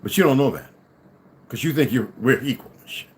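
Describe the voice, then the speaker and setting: A man's voice: mid-range voice, animated, fairly quick. A middle-aged man delivering an angry, profane ranting monologue to his audience, swearing and insulting as he goes. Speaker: livestream host.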